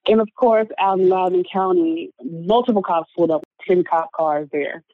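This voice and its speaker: A woman's voice: fairly low pitch, normal speed, no room sound. Earnest woman on a tinny line. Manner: earnest, frequent filler words. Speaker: interview guest. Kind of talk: personal story told in conversation. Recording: narrow phone-like sound, dry.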